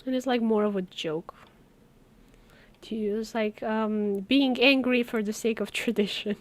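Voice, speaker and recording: Chatty woman, slightly high voice. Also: a little slow. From Romania. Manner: chatty storytelling, laughs between words. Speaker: streamer. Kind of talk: casual chat while working.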